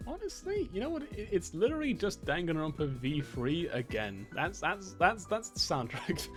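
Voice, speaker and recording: High, lively man streaming a game. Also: moderate pace. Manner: excitable, swears a lot, stumbles and repeats words. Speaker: streamer playing a visual novel demo. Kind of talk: casual let's-play commentary reading dialogue aloud. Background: game music.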